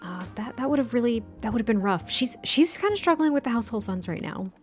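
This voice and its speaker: A woman's voice: on the high side, expressive, a little fast, faint music behind. A woman hosting a gameplay video, chatting casually and giggling as she narrates what her characters are thinking. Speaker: let's play host.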